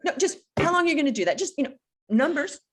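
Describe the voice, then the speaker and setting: A woman's voice: high-pitched, very animated, fast, fairly bright tone. A middle-aged woman coaching in a casual interview, blunt and emphatic, acting out conversations as she tells stories. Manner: emphatic, blunt, acts out dialogue. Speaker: business coach guest. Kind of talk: casual podcast interview storytelling.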